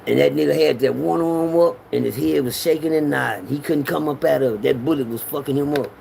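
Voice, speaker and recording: A middle-aged man, telling a street story in an animated way and raising his voice to act out quotes. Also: a little fast, creaky, a little hiss or hum. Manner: animated, acts out quotes with raised pitch.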